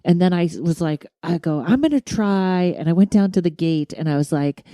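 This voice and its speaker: A woman's voice: sits low, fairly even intonation, brisk, dark tone, no room sound, studio quality. A woman hosting a podcast in casual chat, backing her guest up with short agreements. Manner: supportive listener, frequent short agreements. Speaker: podcast host.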